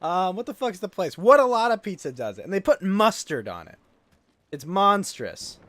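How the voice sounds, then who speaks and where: A man's voice: high-pitched, sing-song, normal speed, a bit bright, no room sound. A man, ranting and swearing during a casual livestream chat while gaming. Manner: ranting, exasperated, swears freely. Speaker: streamer.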